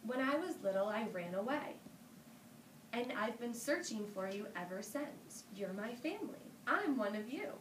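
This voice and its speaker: A woman's voice: fairly high pitch, very animated, normal speed. A woman doing a sly wheedling spider. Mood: pleading. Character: sly, pleading male trickster spider. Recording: roomy, distant mic with ambient noise.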